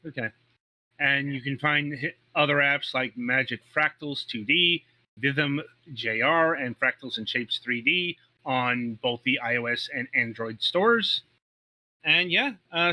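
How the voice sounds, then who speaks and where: A man hosting an interview podcast, asking questions and wrapping up the episode in a friendly, measured way. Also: medium pitch, bright, forceful tone, rough recording. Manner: friendly, wraps up the show in a measured way. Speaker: podcast host. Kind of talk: interview host.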